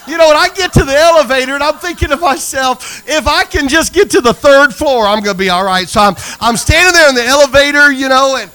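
Preacher guy telling a story, high bright voice, acts out all the lines. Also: brisk, hardly any pauses, poor audio. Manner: animated storyteller acting out dialogue. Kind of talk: sermon storytelling.

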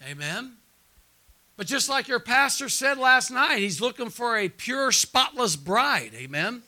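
A man preaching a revival sermon, punctuating his points with amens and calls for response, and dropping to a hushed tone when he tells his own story. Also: very high-pitched, big pitch swings, unhurried. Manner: drops quiet and hushed when telling his testimony. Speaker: pastor.

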